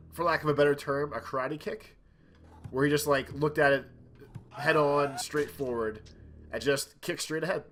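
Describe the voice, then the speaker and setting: A young man hosting a let's play, telling a rambling childhood story in a casual way while playing. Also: medium pitch. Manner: rambling, animated anecdote with quoted voices. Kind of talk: casual storytelling over gameplay.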